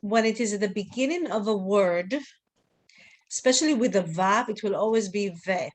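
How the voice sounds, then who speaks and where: A woman's voice: mid-range voice, moderate pace. Patient woman teaching a class online, checking on her students. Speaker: Hebrew teacher.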